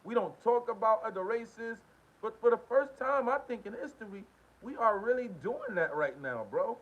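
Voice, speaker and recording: A man with a high-pitched, lively voice hosts a live stream at a moderate pace, reading viewer comments and talking casually. He vents in a slangy, repetitive way, and the lo-fi stream sounds dull with faint hiss.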